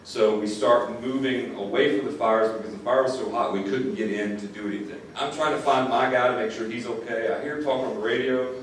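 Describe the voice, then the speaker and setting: Deputy telling a story in an echoey hall. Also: male voice, mid-range voice, fairly even intonation, fairly quick, few pauses. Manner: earnest, repeats words when moved. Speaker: sheriff's deputy speaker. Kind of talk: first-person storytelling to an audience. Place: classroom or lecture hall. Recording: distant mic in an echoey room, faint noise.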